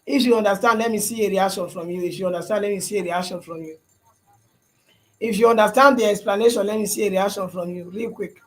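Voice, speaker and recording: A young man with a Nigerian accent that slips into Pidgin chats with his livestream viewers. His voice sits high for a man, and he keeps repeating lines and checking "you understand?". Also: fairly even intonation, fast talker, rough recording. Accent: Nigerian English with Pidgin. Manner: repetitive, asks "you understand?". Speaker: livestream host. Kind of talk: casual livestream chat with viewers.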